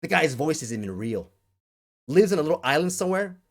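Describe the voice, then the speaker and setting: Exasperated male video ranter; sarcastic, animated delivery. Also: on the high side, brisk. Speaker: crypto commentator. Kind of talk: ranting video monologue.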